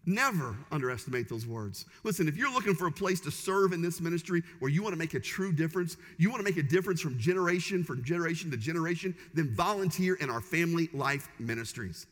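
A man's voice: fairly high pitch, animated, fast, hardly any pauses, fairly bright tone. Emphatic male pastor in a reverberant hall. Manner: emphatic, repetitive preaching cadence. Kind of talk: sermon. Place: church sanctuary. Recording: long reverb of a large church hall.

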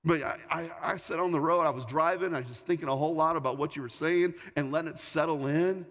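A man's voice: fairly high pitch, fast talker, a bit bright. Man preaching in an echoing church hall. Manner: conversational, repetitive, storytelling. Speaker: pastor. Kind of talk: sermon. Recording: long hall reverb, faint music.

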